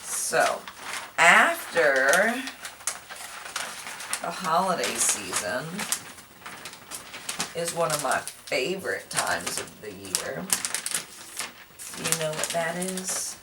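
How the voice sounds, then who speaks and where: Woman vlogger, unhurried self-mocking chatter, animated pitch. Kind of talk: casual chat while wrapping gifts. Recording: distant mic with background noise.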